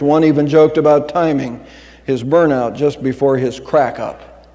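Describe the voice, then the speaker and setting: A man's voice: fairly high pitch, normal speed, mellow. A middle-aged male pastor preaching a sermon in an earnest, conversational way. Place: church. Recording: long hall reverb.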